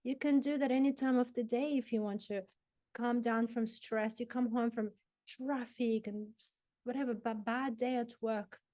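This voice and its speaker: A woman sleep coach talking an audience through relaxation exercises in a gentle, instructive way. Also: fairly high pitch, fairly even intonation, moderate pace, no room sound. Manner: gentle, instructive, hesitant restarts. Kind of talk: guided relaxation talk.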